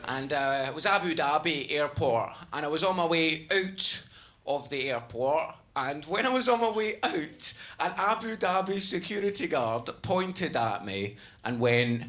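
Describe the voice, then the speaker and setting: A man's voice: a little high, lively intonation, measured pace, pushed and bright. A man doing stand-up on a club stage, telling a self-mocking story in a chatty way and acting out the people in it. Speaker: stand-up comedian. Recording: live club recording with noise.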